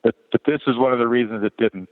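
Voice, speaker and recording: A man, a podcast guest, telling a personal story in a lively way and jumping higher in pitch to act out the people in it. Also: fast talker. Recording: tinny phone-like line with long reverb.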